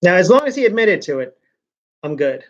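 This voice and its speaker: A man's voice: high voice, sing-song, brisk, dull audio. A man vlogging in a casual, rambling way, venting his frustration and repeating words as he goes.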